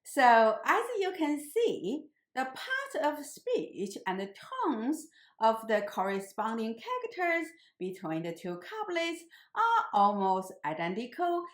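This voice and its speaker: Slow, sing-song woman teacher. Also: on the high side, reverberant. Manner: slow, deliberate explaining. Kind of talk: lecture on classical poetry.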